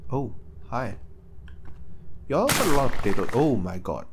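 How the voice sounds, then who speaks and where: Young guy doing let's play commentary, stammery, super animated voice, faint hiss behind. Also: mid-range voice, moderate pace. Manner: chatty, easily surprised, stammers, talks to game characters. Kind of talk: casual gameplay commentary.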